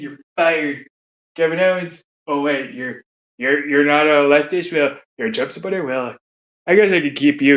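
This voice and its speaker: A man's voice: fairly high pitch, a bit bright, reverberant, dull audio. A man voicing a brash older male boss who curtly and mockingly fires people. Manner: curt, mocking.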